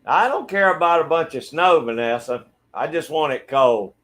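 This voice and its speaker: A middle-aged man from Georgia with a Southern accent, hosting a relaxed livestream and greeting viewers by name. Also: a little high, moderate pace. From Georgia, USA. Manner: friendly, laid-back, greets viewers by name. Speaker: livestream host. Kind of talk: casual chat reading viewer comments. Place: backyard shed.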